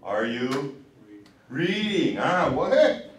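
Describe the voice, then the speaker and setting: Recorded from a distance in a roomy classroom with slight background noise, a language instructor patiently explains vowels and word patterns while asking his students questions. He speaks a little slowly in a fairly high, animated voice.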